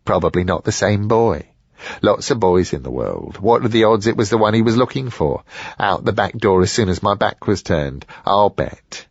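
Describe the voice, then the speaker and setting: A man's voice: fairly low pitch, lively intonation, normal speed, breathy edge, dry recording, muffled recording. A man voicing a greedy, sly older antique dealer who wheedles and mutters sourly. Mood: suspicious.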